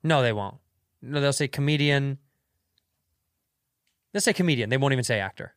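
A male co-host ribs his partner with blunt, profane jokes in casual podcast banter. His voice sits in a middle pitch, recorded dry and close with almost no room sound. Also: normal speed, clear, resonant tone, no room sound.

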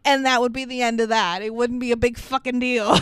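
A woman's voice: fairly high pitch, fairly quick, smooth, dry recording, clean studio sound. Laughing woman retelling a movie. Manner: laughing, profane, animated retelling. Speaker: podcast co-host. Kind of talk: casual movie recap chat.

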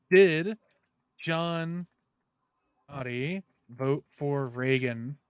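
A man's voice: mid-range voice, moderate pace, clear, resonant tone, no echo, clean studio sound. A man co-hosting a podcast in casual chat, sarcastic and given to mock-serious rants. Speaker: podcast co-host.

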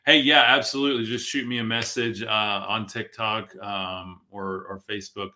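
On a tablet stream, a man with a somewhat low, steady voice talks at a normal speed, his delivery pushed and bright. As a podcast host reading live chat, he rambles casually through viewer comments while his voice, worn from a day of talking, begins to fail.

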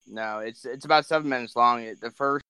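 A man on a casual chat, speaking in a halting, hesitant way. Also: medium pitch, bright, forceful tone, clean tone, no echo, rough recording.

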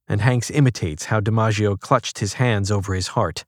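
A man narrating a magazine feature in a measured, even reading, shifting his tone a little for quoted lines. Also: lowish voice, no echo, clean studio sound. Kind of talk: scripted narration.

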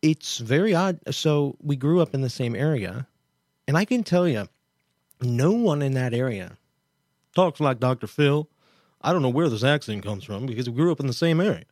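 A man hosting a talk show rambles through his commentary, cutting himself off and circling back with open disbelief. His mid-pitched voice sounds dry and close, with no room around it. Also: lively intonation, normal speed, a little mellow, no room sound. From Kansas, USA. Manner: digressive, self-interrupting, incredulous. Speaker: host. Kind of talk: casual radio commentary.

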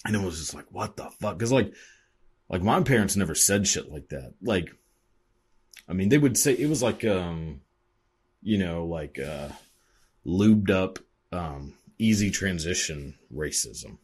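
Deep, husky guy ranting casually. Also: expressive, a little slow, long pauses, darkish tone. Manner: rambling, profane, lots of fillers and laughs. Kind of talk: casual monologue.

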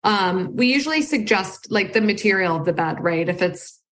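A woman's voice: mid-range voice, moderate pace. Woman company founder, interview guest, laid-back conversational delivery. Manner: relaxed, easygoing, with frequent "um" and "like".

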